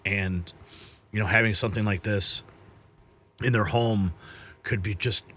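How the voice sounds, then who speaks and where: A man hosting an interview, earnest and emotional, often pausing and restarting. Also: fairly low pitch, steady tone, a bit bright. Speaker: show host. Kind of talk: interview conversation.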